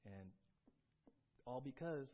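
A man preaching a sermon as pastor, shifting between quiet confession and loud, urgent exhortation. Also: medium pitch, animated, slow, dull audio.

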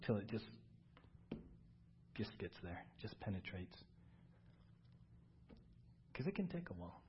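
A man's voice: on the low side, lo-fi sound, slight background noise. A man preaching a sermon to his church, earnest and repeating words for emphasis. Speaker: pastor. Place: church service.

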